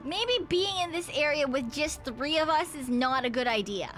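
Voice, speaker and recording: A woman's voice: sits high, lively intonation, moderate pace, fairly bright tone, faint music behind. A woman VTuber streaming a game, chattering to herself in a giggly, rambling way and swearing freely. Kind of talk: casual gaming livestream chatter.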